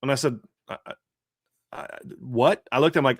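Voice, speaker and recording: A man's voice: mid-range voice, moderate pace, no echo, studio quality. A man from the American South chatting casually as a sports podcast co-host, rambling with frequent restarts. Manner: rambling, restarts, laughs often.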